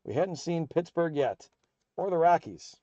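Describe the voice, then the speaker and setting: A man hosting a live card break, calling out player names and teams as packs are opened in a steady, upbeat patter. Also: fairly high pitch, measured pace, dry recording, dull audio. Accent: American.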